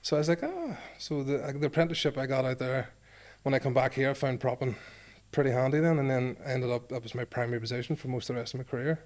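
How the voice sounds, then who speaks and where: A Northern Irish ex-rugby player in his forties tells self-deprecating interview stories and acts out what people said. His medium-pitched voice is steady and darkish, and he talks fast with few pauses.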